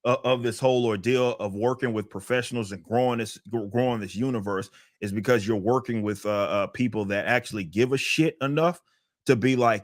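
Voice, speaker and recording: A man's voice: mid-range voice, fairly quick, dry recording, clean studio sound. A man hosting a casual podcast chat, talking emphatically and with profanity. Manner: profane, emphatic, with frequent restarts. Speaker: host.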